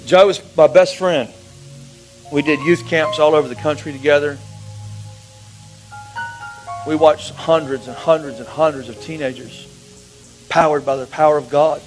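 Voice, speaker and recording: A man preaching a sermon, telling a personal story with emotion, his voice dropping to a hush and rising again. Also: fairly high pitch, steady tone, normal speed, pauses often, faint music behind, poor audio. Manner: emotional storytelling, swings from hushed to raised.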